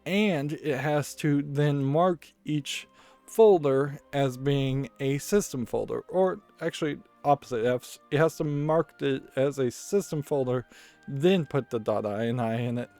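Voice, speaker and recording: Mellow-voiced man rambling over gameplay. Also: medium pitch, unhurried, soft background music. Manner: rambling, thinking aloud, often correcting himself. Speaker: let's play host. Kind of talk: casual commentary while playing a card game.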